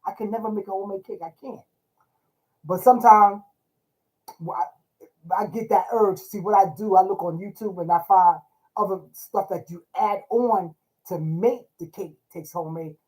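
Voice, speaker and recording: A woman's voice: mid-range voice, moderate pace, darkish tone, low-quality recording. An older woman hosting a live stream, chatting casually and reminiscing. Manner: chatty, reminiscing, talks over her co-host. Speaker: livestream host. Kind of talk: casual chat.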